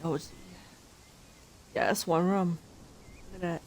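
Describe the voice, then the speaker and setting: A young woman streams a video game with a let's-play commentary, chatting nervously and talking to her character as she goes. Her voice is on the low side, unhurried and darkish, in a rough recording with game sound and vehicle engine noise from the game behind her.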